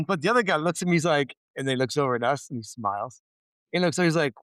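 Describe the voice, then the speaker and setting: Co-hosting a podcast, a man with a slightly high voice talks fast, spinning animated stories full of swearing and acted-out quotes in casual chat. There's no room sound.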